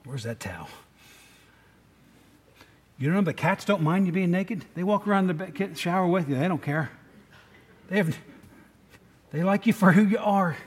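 A man's voice: high voice, normal speed, pauses often. A middle-aged man preaching a sermon in a conversational way, often asking the congregation questions. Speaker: pastor.

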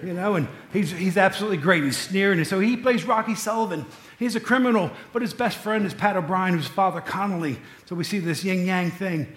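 A man's voice: high-pitched, a little fast, few pauses, fairly bright tone, echoey room. A man preaching a sermon, telling stories in a loose, conversational way with asides to the congregation. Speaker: pastor.

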